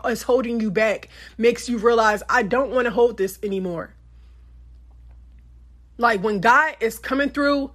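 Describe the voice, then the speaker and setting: A woman giving a candid motivational monologue, blunt and emphatic, often profane, with lively swings in pitch. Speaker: motivational speaker.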